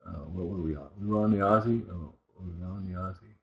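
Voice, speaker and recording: A man's voice: low voice, fast, lo-fi sound. A man teaching currency trading, talking casually through his charts and often checking in with listeners. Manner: conversational, talks while working, asks listeners rhetorical checks. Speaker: trading instructor. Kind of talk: live chart walkthrough.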